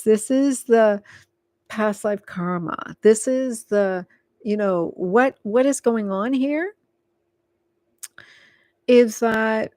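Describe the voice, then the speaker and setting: A woman giving a live tarot reading, talking in a rambling, filler-heavy way and gently coaxing the listener to calm down. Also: a little high, dry recording. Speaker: tarot reader.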